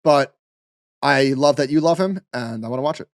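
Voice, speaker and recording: A man co-hosting a podcast, telling animated stories in casual chat with lots of fillers. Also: mid-range voice, normal speed, dry recording, clean studio sound. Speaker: podcast co-host.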